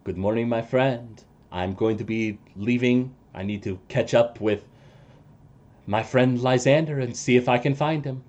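A man voicing a weary adventurer who speaks low, quiet and solemn. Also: measured pace, lo-fi sound, close to an everyday voice. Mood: friendly. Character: weary adventurer man, grave and soft-spoken.

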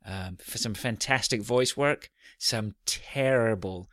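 Brief: male podcast host, low voice, dry close sound, chatty and rambling. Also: takes it slowly, dry recording. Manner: rambling, self-interrupting, animated. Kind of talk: casual chat about video games.

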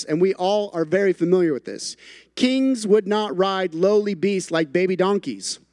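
High-voiced emphatic male preacher. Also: no echo, studio quality. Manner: emphatic, builds through repeated phrases with playful asides. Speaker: pastor. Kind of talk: sermon.

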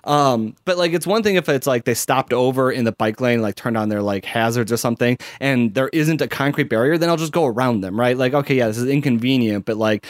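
Male co-host, casual rambling storyteller, mid-pitched, worked-up ranter. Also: dry recording, studio quality. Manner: rambling, heavy use of "like", gets heated.

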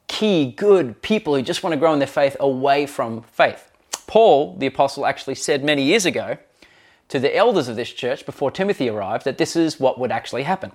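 A man preaching a sermon, earnest and conversational, with frequent fillers. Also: mid-range voice. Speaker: pastor.

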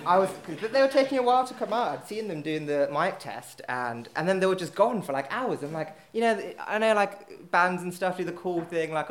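A man's voice: high-pitched, lively intonation, fairly quick, hardly any pauses, background noise. A man telling a casual anecdote on stage, rambling with lots of fillers and poking fun at himself. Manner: rambling, filler-heavy, self-mocking. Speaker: storyteller at a live event.

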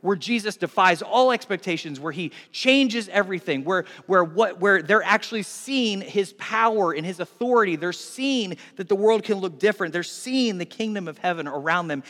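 A man in his forties delivers a sermon in a bright, high-pitched voice. He drops to hushed tones, then climbs to loud, animated emphasis. The sound carries a long hall reverb, like a church sanctuary. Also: normal speed, hardly any pauses. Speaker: pastor.

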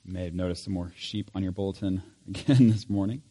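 A man serving as pastor, leading a church service with prayer and scripture reading, reading in a measured way and lifting his voice on key lines. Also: deep voice, dark tone, long reverb tail, slight background noise. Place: church sanctuary.

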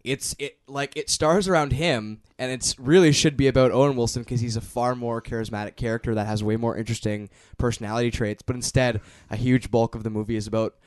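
A man's voice: medium pitch, fairly even intonation, brisk, few pauses, clean tone, dry recording. A man in casual conversation about movies and shows, opinionated and blunt, swearing casually. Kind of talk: casual chat.

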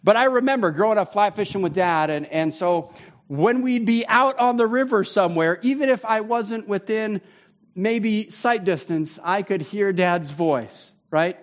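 A man in his thirties preaching a sermon as pastor, conversational and animated with sudden loud bursts. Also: sits high, unhurried.

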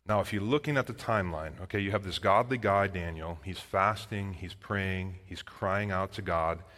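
A man's voice: low-pitched, normal speed, a bit bright. A man preaching a sermon, earnestly explaining scripture and asking his listeners direct questions. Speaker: pastor. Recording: long hall reverb.

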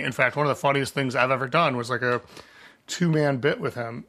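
A man's voice: medium pitch, fairly even intonation, fairly quick, bright, forceful tone, no room sound. A man hosting a casual comedic chat, rambling and joking, laughing at his own bits. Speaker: podcast host.

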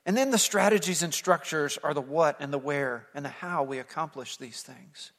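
A man's voice: a little high, normal speed. Earnest male pastor, echoing sanctuary. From United States. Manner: storytelling, earnest, builds to emphatic points then drops soft. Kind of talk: sermon. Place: church sanctuary.

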